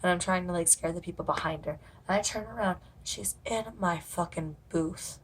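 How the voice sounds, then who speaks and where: A woman with a slightly low-pitched voice tells stories from her job at a haunt, chatting straight to camera. She rambles, restarts, and cusses without a second thought. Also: normal speed, a little hiss or hum. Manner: rambling, swears freely, lots of fillers. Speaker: haunted house actor. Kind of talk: casual storytelling vlog.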